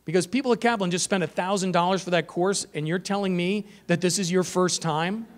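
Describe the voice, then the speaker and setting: A man giving a conference presentation to teachers, energetic and emphatic, shifting his pace for effect. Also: high-pitched, fairly quick. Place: conference room.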